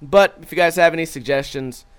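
A man's voice: fairly high pitch, brisk, clear, resonant tone. A young man streaming, chatting casually and profanely, acting out his stories and reading viewer comments. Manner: profane, animated, acts out his own stories.

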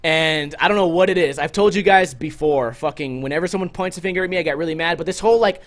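A young man with a high-pitched voice, hosting a livestream and telling stories to his chat. He swears constantly and jumps into loud, animated outbursts when he quotes people. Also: quick pace, few pauses. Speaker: livestream host. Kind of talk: casual profane storytelling to a stream chat.

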